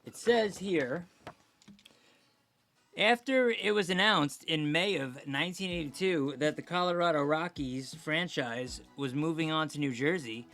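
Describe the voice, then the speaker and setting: A man with a fairly high, bright, forceful voice reads aloud from an old printed program in a relaxed way, often stopping to joke or comment. Faint music plays behind him. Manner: reads aloud with joking asides. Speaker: host of a fan show.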